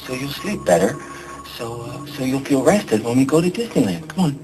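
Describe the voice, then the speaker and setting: An actor playing a cold, controlling estranged father, clipped in anger and softly coaxing with his child. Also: mid-range voice, expressive, moderate pace, over music, lightly acted, low-quality recording. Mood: soothing. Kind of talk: TV movie drama acting.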